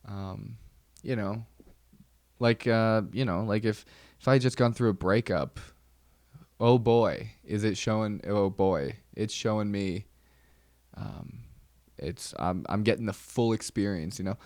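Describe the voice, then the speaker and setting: Podcast host, young man, lower pitch, loose rambling delivery full of restarts, self-mocking humor. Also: measured pace, darkish tone, dry recording, studio quality. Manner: rambling, self-deprecating jokes, many ums and restarts. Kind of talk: casual solo podcast monologue.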